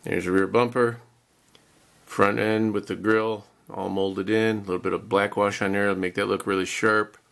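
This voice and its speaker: A man's voice: lowish voice, level tone, moderate pace, vocal fry, fairly bright tone. A man casually narrating a model car kit unboxing, chatty and rambling, with self-deprecating chuckles.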